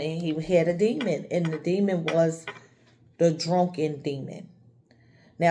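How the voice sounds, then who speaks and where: A woman's voice: fairly low pitch, a little mellow. A woman from the Chester, Pennsylvania area telling her own life story candidly and speaking straight to her viewers. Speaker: vlogger. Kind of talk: personal storytelling vlog.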